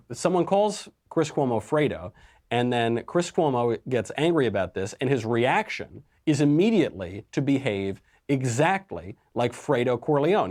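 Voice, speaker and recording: A man delivers political commentary with wry, lecturing turns. His pitch swings animatedly. He sits in the middle of the male range. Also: darkish tone.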